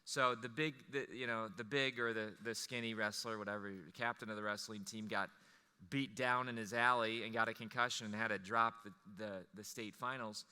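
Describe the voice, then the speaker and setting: A man telling a personal story to an audience, animated and rambling, with restarts. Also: on the low side, a little fast, clear, resonant tone, long reverb tail. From Wisconsin.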